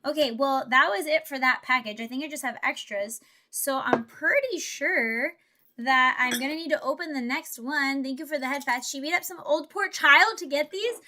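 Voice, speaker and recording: A woman's voice: sits high, normal speed, noisy background. A young woman VTuber chatting playfully with her live chat while she builds a Lego set. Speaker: VTuber streamer.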